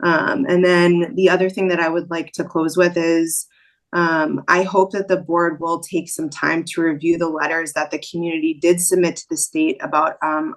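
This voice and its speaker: A woman giving hesitant public comment at a town board hearing, pausing often with ums. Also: deep voice.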